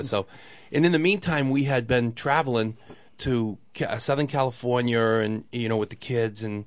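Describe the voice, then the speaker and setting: Male guest, anecdote-heavy, chatty and loose, dry studio-close sound, middle-pitched. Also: moderate pace, no room sound. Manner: rambling, fills talk with "you know", acts out quoted voices. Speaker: guest, local baseball organizer. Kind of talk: casual storytelling.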